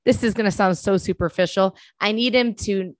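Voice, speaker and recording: A young woman in casual podcast talk, blunt and quick to joke, dropping curse words as she goes. Her voice sits in a middle register, recorded close and dry with no room sound. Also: medium pitch, dry recording. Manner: blunt, joking, swears freely. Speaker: podcast co-host. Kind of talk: casual chat.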